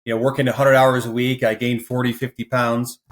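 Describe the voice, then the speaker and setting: A man's voice: medium pitch, a little fast. A man from the American Midwest, a podcast guest telling a personal story animatedly, acting out other people's voices. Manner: animated storyteller who acts out quoted voices. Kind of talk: storytelling in an interview.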